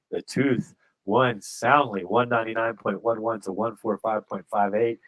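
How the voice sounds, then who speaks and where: Upbeat low-voiced man, dry sound. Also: no echo, lo-fi sound. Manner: upbeat, chummy, calls listeners "my friend". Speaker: podcast host. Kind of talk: casual fantasy sports recap.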